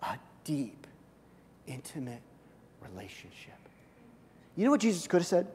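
A man preaching a sermon as pastor, swinging from loud, urgent passages to hushed, soft ones and acting out quoted voices in conversational asides. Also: a little high, big pitch swings, a little slow, slight background noise. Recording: long reverb of a large hall.

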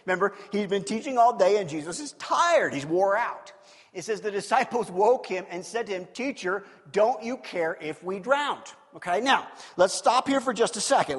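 Animated preacher man with a high, lively voice. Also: normal speed, big-room sound. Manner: animated, acting out scenes with shifting voices. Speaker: pastor. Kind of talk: sermon.

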